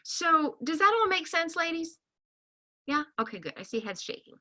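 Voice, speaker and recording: A high-pitched woman gives a friendly talk as a counselor to a group of women. Her voice is very bright and ringing, and she keeps her listeners close with constant "okay?"s and "right?"s, laughing easily between points. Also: normal speed. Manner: chatty, checks in with "okay?" and "right?"; animated, laughs often. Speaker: licensed counselor.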